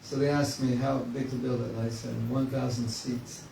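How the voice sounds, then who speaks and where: A man's voice: medium pitch, flat delivery, fairly quick, gravelly, recorded from a distance. A man giving a spiritual class in a conversational, joking way, often acting out inner voices. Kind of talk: informal spiritual class talk. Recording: echoey room, mic from afar, faint hiss.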